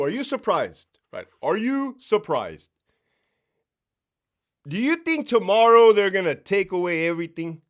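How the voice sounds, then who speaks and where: A man who used to be a prison sergeant talks straight to camera in a casual vlog rant, profane and blunt. His voice sits a little high and swings widely up and down as he pushes his points, stumbling over repeated words.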